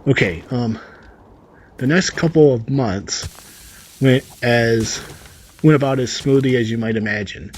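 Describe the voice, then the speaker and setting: A man's voice: medium pitch, unhurried, long pauses, darkish tone, a little hiss or hum. A man reading a story aloud and adding sarcastic, rambling comic asides over gameplay. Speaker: story reader and commentator.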